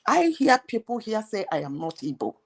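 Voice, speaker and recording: A woman's voice: medium pitch, sing-song, a little fast, gravelly. A woman hosting a heated live debate, insistent and emphatic, firing rhetorical questions. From Nigeria.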